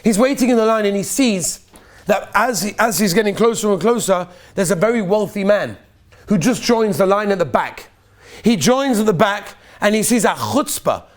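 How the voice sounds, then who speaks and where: A man, a rabbi, giving a Purim sermon full of stories, animated and rising toward near-shouts, with Yiddish and Hebrew words mixed into his English. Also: high voice, moderate pace.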